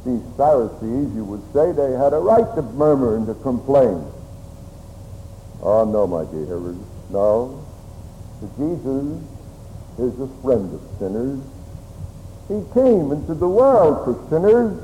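A man preaching a sermon slowly and solemnly, with old-fashioned phrasing. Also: medium pitch, lively intonation, mellow. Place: church. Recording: church hall reverb with faint room noise.

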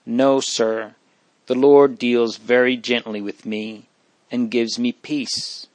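A man reading the part of a dying young woman, faint, gentle and prayerful, in a story read aloud. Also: medium pitch, level tone, dry recording, close to an everyday voice. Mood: faint, devout. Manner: soft, slow, faint and prayerful. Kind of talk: reading aloud from a religious narrative.

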